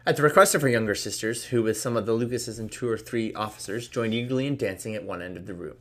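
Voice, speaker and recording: Fast-reading man. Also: on the low side, a bit bright. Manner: brisk, with casual asides. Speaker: reader. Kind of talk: reading a classic novel aloud.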